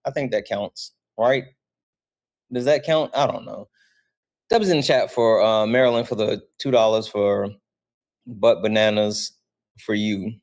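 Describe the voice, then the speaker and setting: A man's voice: fairly low pitch, unhurried, pauses often. A young man hosting a livestream, chatting casually with his viewers, reading out donations and swearing freely. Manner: animated, swears casually, talks straight to chat. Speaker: livestream host.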